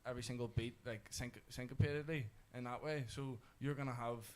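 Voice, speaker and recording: A man's voice: mid-range voice, steady tone, fairly quick, slight background noise. Rambling young man. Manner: rambling explainer, restarts, many "like"s. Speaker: rapper guest. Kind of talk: casual radio studio chat.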